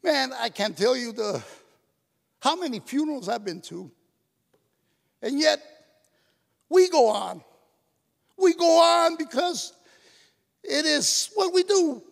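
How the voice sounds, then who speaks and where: A man's voice: very high-pitched, expressive, slow, vocal fry, pauses often. Older man telling stories in an echoey hall. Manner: storytelling, mimics his mother's voice, emotional. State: tearful. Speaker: comedian giving award speech. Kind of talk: stand-up style speech at a banquet. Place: hotel ballroom.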